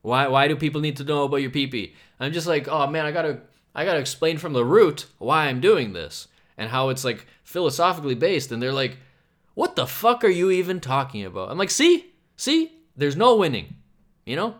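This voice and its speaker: A young man hosting a comedy podcast, talking alone in a rambling, profane way, swinging between loud bursts and low mumbles. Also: lively intonation, fairly quick. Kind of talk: casual solo podcast rant.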